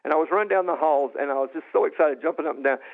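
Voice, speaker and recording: Excited man telling his testimony, tinny. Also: racing, vocal fry. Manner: rises high and loud when reliving moments, repeats and restarts. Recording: tinny phone-like sound.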